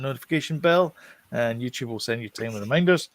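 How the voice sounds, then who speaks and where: A man hosting a casual podcast chat, animated when he retells things. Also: mid-range voice, quick pace, no echo. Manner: chatty, animated retelling with quoted voices. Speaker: podcast host.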